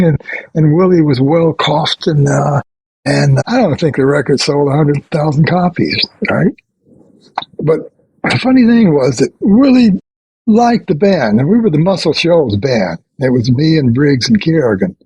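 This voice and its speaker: An older man, a veteran session bassist, telling rambling anecdotes in a podcast interview and chuckling between stories. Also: expressive, a little slow, warm tone, slightly rough, dry recording, low-quality recording. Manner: rambling anecdotes with restarts and quoted dialogue.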